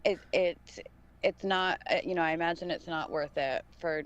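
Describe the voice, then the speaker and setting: A woman's voice: on the low side, steady tone, moderate pace, smooth, highs cut off. A woman co-hosting a live podcast stream, chatting casually, blunt and playful and swearing freely. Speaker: podcast co-host.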